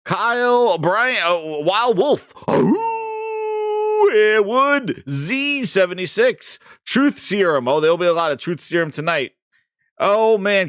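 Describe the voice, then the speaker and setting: A man hosting a casual gaming live stream, boisterous and swearing, reading out shout-outs to chat. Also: a little high, no echo, clean studio sound. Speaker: livestream gaming show host.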